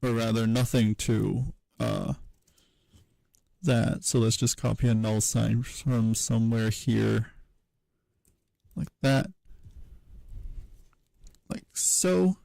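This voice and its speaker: Slow, gravelly man thinking aloud. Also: mid-range voice, warm tone, no room sound, rough recording. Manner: halting, many fillers and self-corrections. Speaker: streamer teaching historical linguistics. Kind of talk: casual livestream tutorial, thinking aloud.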